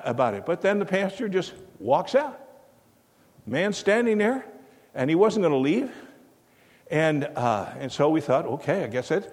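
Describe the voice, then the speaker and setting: A man's voice: on the high side, darkish tone. An older man telling a rambling story in a sermon, full of fillers and restarts, recorded in a church. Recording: long hall reverb.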